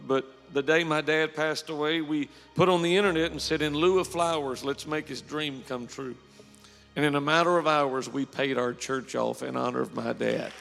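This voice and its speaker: A man's voice: a little high, steady tone, moderate pace, gravelly, fairly bright tone, long reverb tail, faint music behind. A man preaching a sermon, telling stories with emotion and building to fervent praise. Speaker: pastor. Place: church sanctuary.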